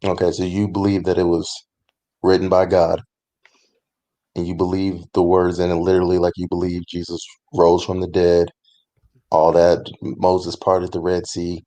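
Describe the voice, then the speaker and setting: Deep, flat-voiced man questioning. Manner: measured, questioning. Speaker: debate participant. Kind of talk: casual online debate.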